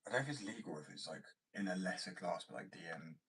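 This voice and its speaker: A man's voice: sits low, racing, a bit bright, husky, rough recording. An American man rambling and joking in a casual chat with his viewers, swearing freely. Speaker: streamer chatting with viewers.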